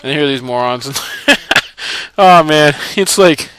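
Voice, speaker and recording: A man's voice: a little high, unhurried, fairly bright tone, smooth, no echo. A man giving casual, profane commentary over gameplay, laughing and mocking the characters. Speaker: video game let's-play commentator.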